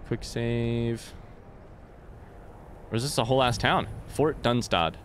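A man's voice: medium pitch, slow, a little hiss or hum. A man giving casual gameplay commentary, swearing freely and talking back to the characters on screen. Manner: animated, swears often, talks to game characters. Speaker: let's play gamer.

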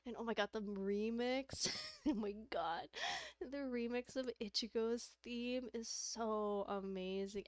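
A young adult woman streaming casual chat, rambling and excitable, laughing often and swearing casually. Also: mid-range voice, clean tone, no room sound, clean studio sound.

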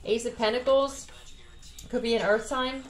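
Philly woman doing a tarot reading, swears a lot, tired, echoey room with soft music under it. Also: on the high side, steady tone, moderate pace. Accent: Philadelphia. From Philadelphia area. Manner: blunt, profane, chatty. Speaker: tarot reader. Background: faint music.

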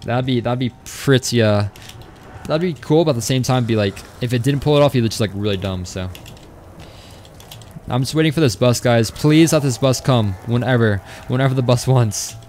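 There's a little hiss or hum as a young streamer talks at normal speed in a medium-pitched, slightly mellow voice. He plays a game live, casually rambling and reading out messages from his chat.

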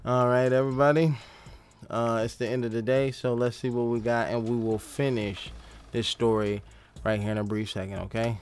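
A man's voice: mid-range voice, level tone, normal speed, a little mellow, smooth. A man hosting a gaming channel, telling a rambling, profane story in casual chat while he plays. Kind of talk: casual gameplay commentary and storytelling.

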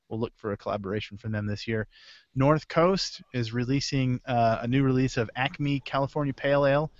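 A man's voice: medium pitch, no room sound, dull audio. Chatty man hosting a beer podcast. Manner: rambling, self-correcting, chuckles between items. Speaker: podcast host. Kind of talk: casual beer podcast chat. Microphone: video call.

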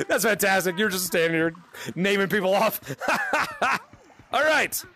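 A man streaming a VR game and greeting fans, energetic and laughing a lot, talking into a headset mic. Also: high-pitched, gravelly, slight background noise. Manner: energetic, laughing often, quick restarts. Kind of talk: excited live gaming chat.

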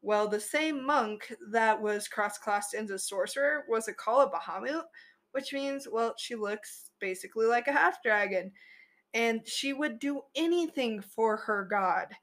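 A woman's voice: a little high, animated, a little slow, a bit bright. A woman podcast host telling a tabletop game story in a chatty way, laughing at her own tale.

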